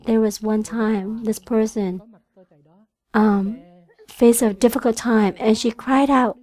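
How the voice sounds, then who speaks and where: A woman whose first language is Vietnamese, interpreting a church sermon in an earnest, halting way with frequent restarts. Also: on the high side, steady tone, darkish tone.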